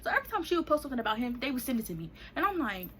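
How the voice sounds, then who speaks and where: A woman's voice: high-pitched, big pitch swings, rapid-fire, pushed and bright, a little hiss or hum. A young woman, casually telling a storytime vlog and acting out the people in it with raised voices. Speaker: vlogger.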